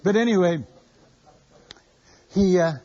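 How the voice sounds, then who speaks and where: An older man, a missionary preacher, tells stories in a folksy, conversational sermon style with a chuckle in his voice. His voice sits high and mellow at a slow pace, on a dull lo-fi sermon recording.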